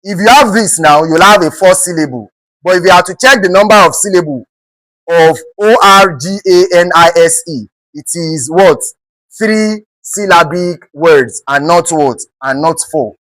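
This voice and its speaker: A teacher with a Nigerian accent and a mid-range, fairly bright voice leads an exam-prep English class on a rough recording with no echo. The lesson features constant "what?" questions that the teacher answers, plus words spelled letter by letter and repeated slowly.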